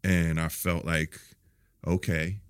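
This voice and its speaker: A man's voice: low-pitched, little pitch movement, clear, resonant tone, no echo, clean studio sound. A middle-aged man telling stories as an interview guest, swearing casually, restarting his sentences and acting out other people's lines. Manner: profane, loose, halting restarts; acts out quoted voices in stories. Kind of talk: candid storytelling interview.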